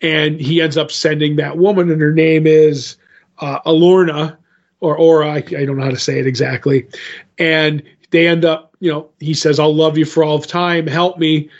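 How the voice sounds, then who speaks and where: Higher-voiced man rambling through a recap. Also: flat delivery, normal speed. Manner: rambling retelling, acts out quotes with "he's like". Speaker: podcast co-host. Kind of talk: casual comic book recap. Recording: dull lo-fi podcast audio.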